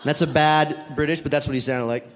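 Man with a slightly raised voice telling a lively, self-deprecating anecdote, reverberant room. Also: on the high side, brisk, soft background music, a faint crowd. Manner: animated, self-deprecating, acts out dialogue. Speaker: storyteller. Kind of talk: casual spoken anecdote.

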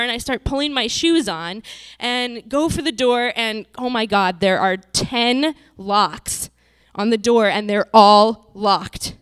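A woman's voice: mid-range voice, moderate pace, a bit bright, smooth, no room sound. A woman from Montana telling a personal story in a vivid, dramatic way. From Montana, USA.

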